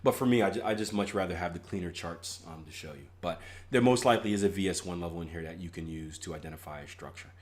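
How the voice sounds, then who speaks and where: This young trading stream host keeps up casual banter, laughing at his own jokes and reading comments from viewers, with lots of ums and restarted phrases. He has a deep voice and talks fast with few pauses.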